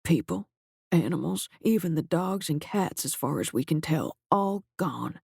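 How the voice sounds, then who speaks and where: A man's voice: fairly high pitch, lively intonation, gravelly, slightly rough, dry recording, heavily acted. A man voicing a grim, shaken director. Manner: quiet, halting, grave. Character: shaken middle-aged male agency director.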